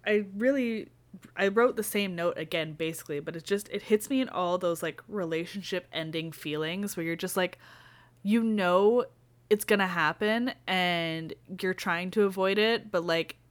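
A woman's voice: fairly low pitch, normal speed. A young woman in a casual book chat, talking thoughtfully and rambling with many fillers. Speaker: co-host.

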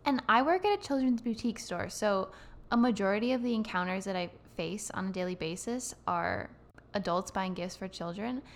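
A young woman co-hosting a podcast, telling stories in an emotional, animated way. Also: mid-range voice, normal speed, a little hiss or hum. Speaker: podcast co-host. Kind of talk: casual chat.

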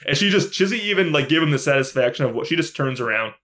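Guy cohosting a podcast, super excited, rambly with lots of ums. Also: a little high, fast talker. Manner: gushing, excitable, lots of fillers and repeats. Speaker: podcast co-host. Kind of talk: casual chat.

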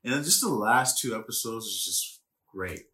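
A man talking in a casual podcast chat, animated, laughing often and swearing. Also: lowish voice, moderate pace. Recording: echoey room.

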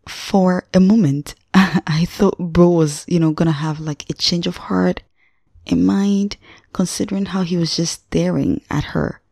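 Young woman podcaster, low mellow voice, dry close sound, chatty and slangy. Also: gravelly, no echo. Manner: chatty and slangy, addresses listener directly. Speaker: podcast host, film reviewer. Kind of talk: casual spoken movie review.

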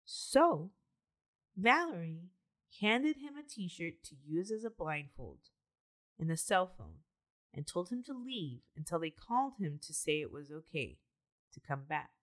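A woman's voice: on the low side, sing-song, a little slow. A woman co-hosting a podcast, recounting a true-crime case in a matter-of-fact way with casual asides. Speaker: podcast co-host telling the case.

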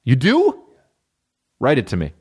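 A man hosting a solo comedy podcast, telling a story with plenty of swearing. His pitch swings widely as he jumps between his own voice and the people he quotes. He sounds like a man in his thirties. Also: a little slow, husky. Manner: animated storytelling, profane, acts out voices of others. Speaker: podcast host.

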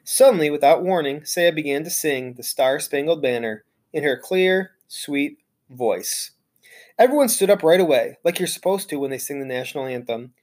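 A reader narrating a children's storybook aloud in an expressive, lively way. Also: medium pitch, moderate pace.

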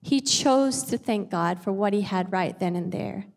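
A woman's voice: mid-range voice, unhurried, vocal fry. A mother giving an earnest, chatty Bible devotional talk with self-aware asides. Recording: long hall reverb.

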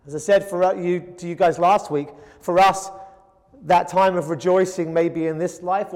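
A man preaching a sermon in an earnest way, acting out the quoted pleas with a rising voice. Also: high voice. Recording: hall reverb.

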